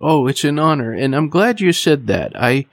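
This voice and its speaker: A man's voice: a little high, very animated, moderate pace, dry recording. A male podcast host giving polished, formal introductions to his guest. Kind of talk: podcast hosting.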